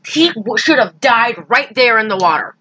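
A woman chatting casually about a movie, animated and quick to act out characters' lines in high, loud voices. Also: muffled recording, a little hiss or hum. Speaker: podcast co-host recapping a movie. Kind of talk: casual chat.

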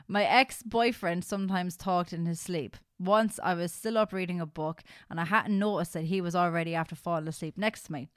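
A woman's voice: fairly low pitch, fairly quick, few pauses, dry recording, clean studio sound. A woman co-hosting a casual podcast, giggling as she reads funny listener stories aloud. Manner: giggly, animated storyteller. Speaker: podcast co-host.

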